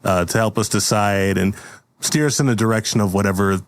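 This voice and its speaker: A man's voice: fairly low pitch, a little fast. Playful man hosting a podcast. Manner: hyped, playful, laughs often. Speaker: podcast host. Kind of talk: casual podcast chat.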